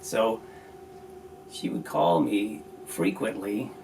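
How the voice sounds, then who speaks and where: A man's voice: fairly low pitch, lively intonation, takes it slowly, creaky. A man, a playwright guest, telling a story in a reflective, thoughtful way. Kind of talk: casual conversation. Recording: distant mic with noise.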